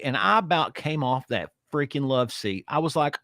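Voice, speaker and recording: A man co-hosting a casual podcast, telling stories in an animated, ranting way and repeating himself for emphasis. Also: medium pitch, moderate pace, few pauses, no room sound, clean studio sound. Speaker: podcast co-host. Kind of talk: casual chat.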